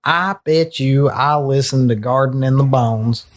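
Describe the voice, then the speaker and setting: A young man sits in on a loose podcast chat, dropping curse words as he tells a rambling story. He slips into quick little voices for the people in it. His pitch stays in an ordinary middle range. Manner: profane, storytelling, animated quoting. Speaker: podcast co-host. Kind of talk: casual chat.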